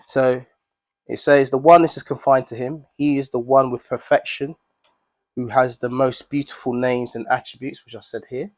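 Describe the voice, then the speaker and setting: A man's voice: medium pitch, fairly even intonation, normal speed. Man explaining Arabic terms to a class. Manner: explains Arabic words, checking in with "yeah?". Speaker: teacher.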